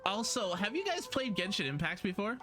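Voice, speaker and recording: A woman's voice: mid-range voice, big pitch swings, a little fast, over music. A young woman from England with a southern English accent, chatting casually while live-streaming a game, giggly and self-deprecating.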